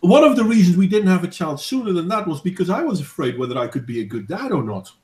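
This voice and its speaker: Thirties male host, earnest and measured, a little high-pitched, boomy room sound. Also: big pitch swings, dark tone. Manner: earnest, measured, with frequent restarts. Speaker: host of a voice chat discussion. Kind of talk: casual debate. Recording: echoey room.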